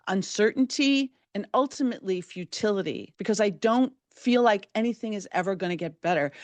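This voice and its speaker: A middle-aged woman hosting a podcast, telling a true story from her own life in a measured, vivid way that builds drama. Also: a little high, dry recording. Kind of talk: first-person true storytelling.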